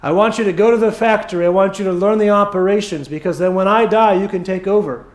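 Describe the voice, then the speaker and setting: A man voicing an older businessman who dotes on his son-in-law, telling a joke in a lifted, quicker voice with a sore, hoarse throat. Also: high-pitched, echoey room, lightly acted. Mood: coaxing. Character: older male businessman, fond father-in-law.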